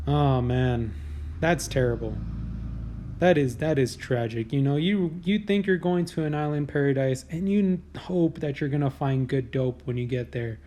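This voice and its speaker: A man's voice: mid-range voice, moderate pace, warm tone, a little hiss or hum. A man hosting a comedy news podcast, riffing on headlines in a casual, crude, sarcastic way. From United States. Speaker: podcast host.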